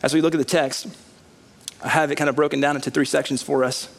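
Animated man preaching a sermon. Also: on the high side, quick pace, gravelly. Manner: animated, conversational preaching with rising emphasis. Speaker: pastor. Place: church sanctuary.

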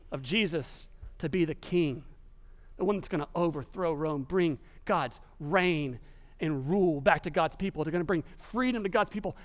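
A man preaching a sermon, telling the story with animated delivery and acted-out quotes. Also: a little high. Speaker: pastor.

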